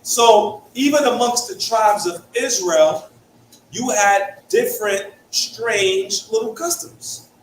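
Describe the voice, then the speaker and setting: A man's voice: high voice, takes it slowly. A young man from Hartford with a Connecticut accent, teaching a Bible study in a conversational way, often checking in with "right?". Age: young adult. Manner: conversational, peppers points with "right?". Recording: echoey room, mic far off, faint hiss.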